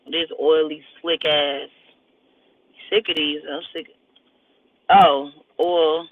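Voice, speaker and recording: High-voiced man chatting on a livestream. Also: flat delivery, slow, dry recording. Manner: rambling, joking, laughs often. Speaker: livestream host. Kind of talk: casual livestream chat. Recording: tinny phone-like audio with faint hiss.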